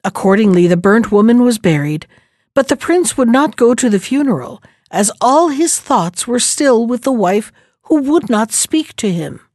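A woman narrating an old fairy tale and giving each character a different pitch. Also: lively intonation, moderate pace, darkish tone, dry recording. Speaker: storyteller.

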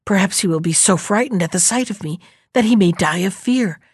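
A woman voicing a brave young enchanted girl who changes into animals, talking quickly and earnestly in a storybook reading. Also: medium pitch, husky, dry recording, lightly acted. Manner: quick, earnest calling and scheming.

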